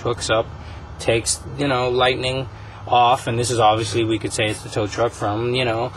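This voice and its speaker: A man hosting a casual podcast, rambling through a story pitch with many fillers. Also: level tone, normal speed, a bit bright, a little hiss or hum, low-quality recording. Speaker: podcast host.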